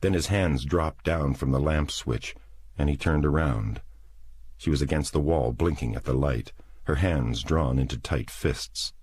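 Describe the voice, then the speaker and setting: A man narrating a novel as an audiobook in a slow, deliberate, dramatic reading. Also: very deep voice, darkish tone, slightly rough, no echo. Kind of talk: scripted narration.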